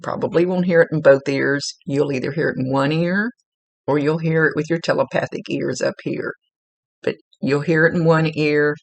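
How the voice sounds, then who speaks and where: This psychic medium has a rumbling low, creaky voice with no echo. Giving a spirit reading to a client, she rambles, reaches for the right words, and keeps restarting what she says.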